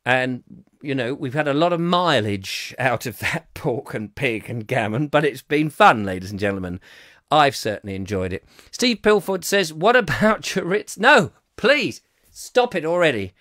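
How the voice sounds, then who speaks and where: A man's voice: mid-range voice, big pitch swings, moderate pace, no echo, studio quality. Rambling, jokey man host. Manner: jokey, rambling, swings between loud and mumbled asides. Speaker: comic chat show host. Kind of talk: rambling live-stream chat reading comments.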